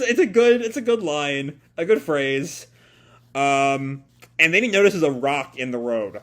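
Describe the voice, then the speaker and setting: A man's voice: a little high, expressive, slow pace, fairly bright tone. A man reading a comic chapter aloud and chatting about it casually, rambling with lots of fillers and laughter. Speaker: comic reaction host. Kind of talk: casual live reading and commentary.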